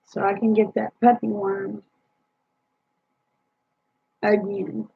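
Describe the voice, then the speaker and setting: Tired, gravelly woman chatting. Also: mid-range voice, flat delivery, slow, phone-quality sound. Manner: chatty, drawling, rambling with many fillers. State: tired, yawning. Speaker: homesteader talking to live chat viewers. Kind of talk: casual live chat.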